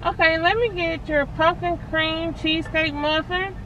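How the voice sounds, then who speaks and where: A woman's voice: extremely high pitch, fairly even intonation, measured pace, a bit bright, dull audio, a little hiss or hum. A woman co-hosting a casual vlog from her car, full of sassy, teasing banter. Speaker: vlog co-host. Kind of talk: casual vlog chat and ordering. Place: car at a drive-thru.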